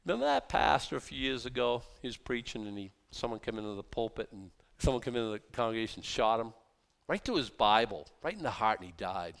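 A man preaching a sermon as pastor, animated, rising to emphatic bursts and dropping to quiet asides. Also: mid-range voice, quick pace, gravelly, clear, resonant tone.

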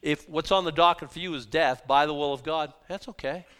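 A pastor preaches with a fairly high man's voice. He swings between loud, emphatic bursts and low, quiet asides, talking in a loose, conversational sermon style. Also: brisk, clear, resonant tone. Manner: animated, rising to emphatic shouted bursts and dropping to quiet asides.

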